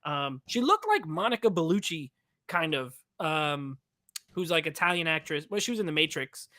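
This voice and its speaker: A man's voice: on the high side, big pitch swings, moderate pace, bright, forceful tone, dry recording, studio quality. A man co-hosting a casual movie review chat, talking with enthusiasm and rambling with many fillers. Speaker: podcast co-host.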